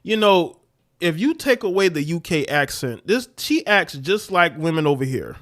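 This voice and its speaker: Animated man ranting on a livestream. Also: fairly high pitch, moderate pace. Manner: animated, repetitive ranting with laughs. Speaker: livestream host. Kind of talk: casual commentary livestream.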